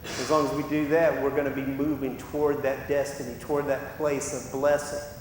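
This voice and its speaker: Impassioned preacher in an echoey hall. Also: male voice, flat delivery, normal speed, a little mellow. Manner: impassioned, acts out quoted voices. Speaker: pastor. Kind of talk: sermon. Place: church sanctuary. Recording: echoey church hall with rumble.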